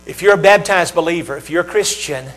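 A middle-aged male preacher with a high-pitched voice delivers a sermon to his congregation. He repeats his points and lets his voice swell as he presses them home. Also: fast, a bit bright, poor audio. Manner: emphatic, repetitive preaching that swells in volume; talks straight to the congregation.

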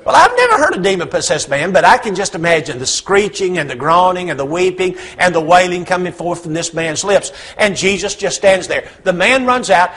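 A man's voice: high-pitched, expressive, a little fast, few pauses, a bit bright, slightly rough. A man preaching a sermon, telling a Bible story with humor and acted-out voices.

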